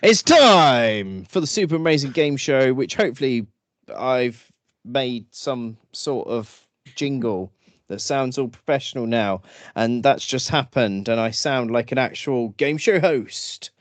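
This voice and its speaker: A man's voice: medium pitch, a little slow, no echo. A man co-hosting a casual podcast, joking around, stammering into restarts and breaking into silly voices. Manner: animated, jokey, lots of stammered restarts and silly put-on voices. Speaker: podcast co-host. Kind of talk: casual chat.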